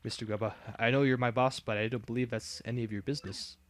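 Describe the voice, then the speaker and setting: A man voicing a prim female arena manager in a quiet, stiff, businesslike tone, reading game dialogue. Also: medium pitch, steady tone, fast talker, natural voice. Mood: formal.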